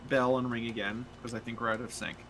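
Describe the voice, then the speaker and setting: A man's voice: mid-range voice, little pitch movement, fast talker, a bit bright, rough recording. Laid-back man explaining as he games. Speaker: streamer co-host. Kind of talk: casual chat while playing a game.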